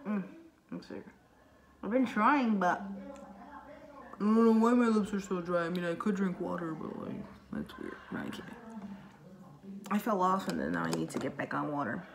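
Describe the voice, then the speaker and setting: A woman's voice: lowish voice, normal speed, gravelly, long pauses, slight background noise, low-quality recording. A young woman chatting casually through a makeup tutorial, rambling and talking to herself as she works. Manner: chatty, rambling, talks to herself while working. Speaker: beauty vlogger.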